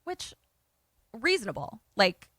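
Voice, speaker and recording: A woman co-host recapping a film in loose, casual podcast chat. Her tone is bright and forceful, and the sound is close and dry. She talks animatedly, swears freely and slips into the characters' lines. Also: fairly high pitch, slow, breathy edge, dry recording. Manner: animated, profane, acts out voices.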